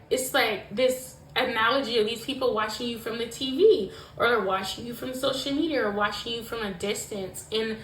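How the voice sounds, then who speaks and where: A fairly high-voiced woman reads tarot cards for her viewers, and she talks slowly and emphatically. She swears freely and fills her talk with "like". Her voice rings in an echoey room over a faint background hiss. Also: fairly bright tone. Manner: emotional, emphatic, swears often, many fillers. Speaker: tarot reader. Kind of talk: pick-a-pile tarot reading to viewers.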